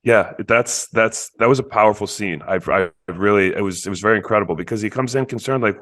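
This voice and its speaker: A man's voice: lowish voice, fairly bright tone. A man co-hosting a horror movie podcast, talking enthusiastically about films with frequent restarts and acted-out quotes. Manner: enthusiastic, halting, repeats words. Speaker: podcast co-host. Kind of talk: casual movie review chat.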